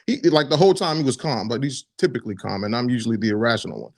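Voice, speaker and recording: A man's voice: mid-range voice, rapid-fire. A man from the Boston area co-hosting a podcast. He gives fiery, opinionated sports takes in casual chat and fills his talk with "like.". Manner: opinionated, excitable, heavy use of "like". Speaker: podcast co-host.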